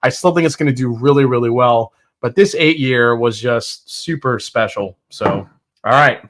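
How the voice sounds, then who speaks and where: A man hosts a casual livestream and chats with viewers. His voice is bright and forceful. He talks with easy enthusiasm and thinks aloud, poking fun at himself. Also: medium pitch, moderate pace. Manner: chatty and enthusiastic, self-deprecating, thinking aloud. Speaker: host of a whiskey tasting livestream. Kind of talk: casual livestream chat, reading viewer comments.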